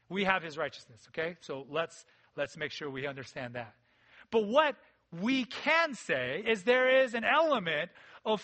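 Here a pastor preaches with a high voice, keeping the tone conversational. Loud, emphatic passages give way to hushed, intimate asides and back again.

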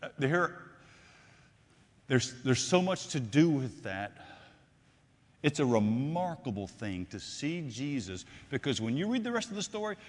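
A man preaching a sermon, swinging between loud declarations and hushed, drawn-out phrases and repeating his lines for effect. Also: mid-range voice, big pitch swings. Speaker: pastor. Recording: long hall reverb.

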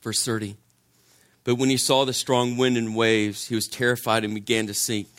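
A man's voice: mid-range voice, level tone, moderate pace, a bit bright. A man preaching a sermon, telling a personal story in a conversational way and repeating phrases for emphasis.

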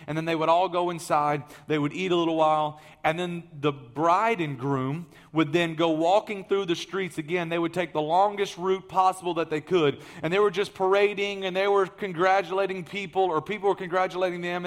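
A man with a voice that sits high preaches a sermon, telling the story in a lively way. His delivery swings between loud emphasis and hushed asides.

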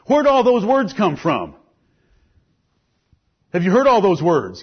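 Emphatic preacher with a husky voice. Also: male voice, wildly swooping pitch, slow, long pauses. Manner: emphatic, rising to loud peaks then dropping low. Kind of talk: sermon. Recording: muffled lo-fi recording.

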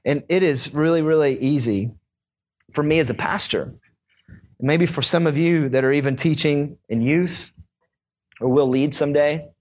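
A young male pastor preaching a sermon in a conversational, animated storytelling way. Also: a little high, moderate pace, pauses often, dull audio.

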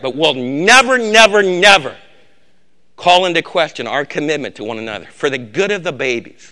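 An older male pastor preaches a sermon, moving from loud exhortation to low, quiet emphasis and repeating words to give them weight.

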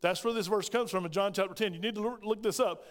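A man delivers a sermon as pastor, stacking rhetorical questions and slipping into the voices of the people he quotes. His voice sits fairly high. The sound carries a long reverb from the church sanctuary. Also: fast talker. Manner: preaching with rhetorical questions, quoting scripture in acted voices.

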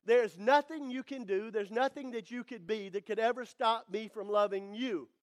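High-voiced preaching pastor, emphatic. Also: male voice. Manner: preaching with dramatic pauses and rising emphasis. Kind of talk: sermon.

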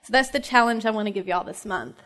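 A woman's voice: mid-range voice, fast talker, a bit bright. A woman in her thirties from East Tennessee with a Southern accent, giving a chatty, heartfelt personal faith talk to a group of mothers, with lots of fillers and laughter. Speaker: speaker at a moms' ministry meeting.

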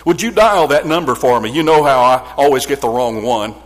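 A man reading aloud the slow, wandering questions of a forgetful elderly mother, in a hall with long reverb. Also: mid-range voice, lively intonation, lightly acted. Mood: plaintive.

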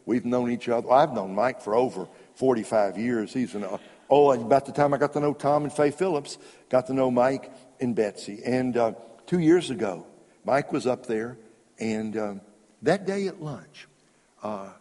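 An older man preaching a sermon as an animated storyteller who acts out the dialogue in his story. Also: mid-range voice. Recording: long reverb in a large hall.

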